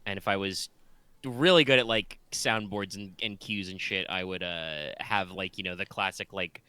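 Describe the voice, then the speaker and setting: A man's voice: low voice, moderate pace, sharp tone, smooth, no echo. A congested, slightly nasal man running a tabletop game as game master, chatty and rambling with plenty of fillers.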